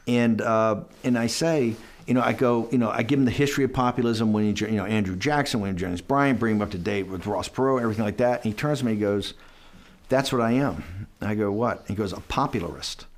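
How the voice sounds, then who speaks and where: A man's voice: lowish voice, fast. A middle-aged man telling a long anecdote in a documentary interview, acting out bits of dialogue and often restarting his sentences.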